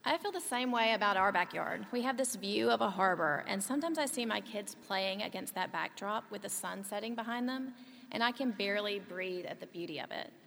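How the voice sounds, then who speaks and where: A woman in her thirties, a mother and co-host, tells stories in a chatty scripted read with lively asides. Her voice carries a gravelly vocal fry. A long reverb and faint background ambience sit around her. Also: medium pitch, fairly quick, slight background noise. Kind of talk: scripted conversational reading.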